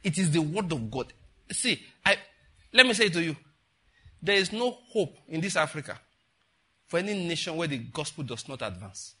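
Older pastor, rambly sermon, keeps asking the crowd questions, bright kinda husky voice. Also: male voice, on the high side, very animated, normal speed, long pauses. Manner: rambling, chatty, asks the audience rhetorical questions. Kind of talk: conversational sermon.

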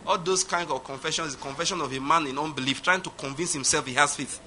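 A man preaching a sermon, emphatic, swinging from loud declarations to quiet asides. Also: on the high side, quick pace, slight background noise. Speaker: pastor.

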